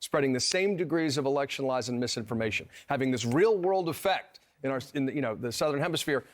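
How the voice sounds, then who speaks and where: A man giving measured political commentary as a guest on a televised news show, with small restarts. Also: medium pitch, lively intonation.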